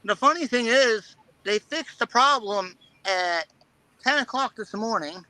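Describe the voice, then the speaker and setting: A truck driver talks from his cab in a high, very bright and smooth voice. He answers in short, matter-of-fact replies, recorded dry. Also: animated, unhurried, no echo, poor audio. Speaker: truck driver panel guest. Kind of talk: casual chat.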